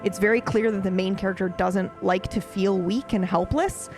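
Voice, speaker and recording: A woman streaming a game, chatting casually to her viewers in an excitable, profane way that is full of laughs. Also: medium pitch, normal speed, over music. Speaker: let's play streamer.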